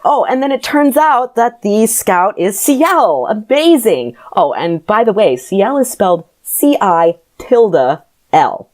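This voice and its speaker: A woman's voice: mid-range voice, sing-song, slow, hardly any pauses, a little mellow. A young adult woman co-hosting a podcast, recapping a novel in a rambling, sarcastic way and laughing often. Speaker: podcast co-host. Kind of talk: casual chat, book recap.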